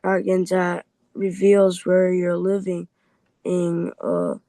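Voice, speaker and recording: A man's voice: high-pitched, monotone, slow, mellow, dry recording, poor audio. A man reading aloud in a Bible class, stumbling over words and restarting often.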